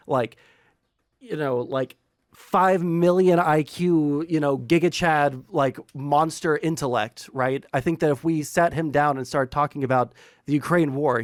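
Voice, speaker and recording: A man arguing politics in a heated, rambling and profane way, in bursts of fast talk. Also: on the high side, no room sound, clean studio sound. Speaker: debater.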